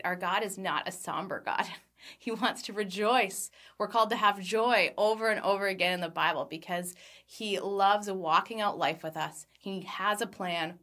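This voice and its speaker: A woman in her thirties gives an earnest devotional talk, reading scripture aloud. Her voice sits in a middle pitch, and she slows down on key phrases with a light laugh here and there. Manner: earnest, warm, laughs lightly between thoughts. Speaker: Christian speaker.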